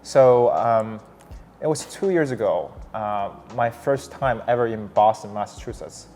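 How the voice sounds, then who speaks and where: A man's voice: fairly low pitch, unhurried, faint music behind. A young man, a startup founder, telling his story in a casual interview with lots of restarts and fillers. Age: young adult. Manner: animated, many restarts and fillers. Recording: long hall reverb, faint noise.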